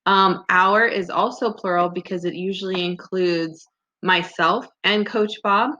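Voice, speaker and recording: A woman teacher explains grammar in a remote lesson, patient and steady as she reads example sentences aloud. Her voice sits a little low. The recording is dull and lo-fi.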